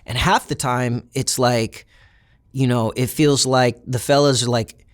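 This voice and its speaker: A young man talks through a hard memory in an easygoing, unhurried way, slipping into the voices of the people he remembers. His voice sits at an ordinary middle pitch, neither deep nor high. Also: steady tone. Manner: casual, reflective retelling with acted quotes of other inmates. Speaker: interview guest. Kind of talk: storytelling in an interview.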